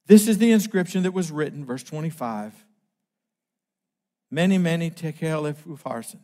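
A middle-aged man preaching a sermon, emphatic and slowing down on key phrases. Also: on the high side, lively intonation, a little mellow.

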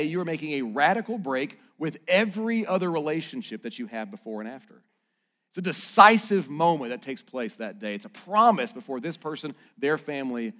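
A man in his thirties, a pastor, preaching a sermon in a conversational, animated way with playful asides to the congregation. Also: on the high side. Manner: playful asides and mock quotes to the audience.

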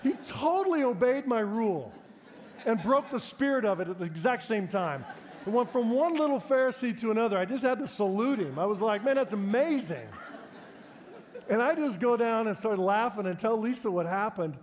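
A man's voice: sits high, animated, normal speed. A middle-aged man preaching a sermon, telling family stories in a conversational, self-deprecating way. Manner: conversational, self-deprecating storyteller, breaks into laughter. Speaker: pastor. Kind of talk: sermon with personal storytelling. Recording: long reverb of a large hall.

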